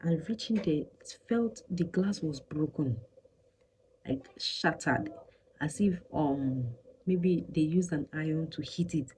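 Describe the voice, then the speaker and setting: Brief: woman, 30s, vlogger, low mellow voice, lively storytelling with whispered asides. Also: slow, slight background noise, poor audio. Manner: animated, drops into whispers for emphasis. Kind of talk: personal storytelling.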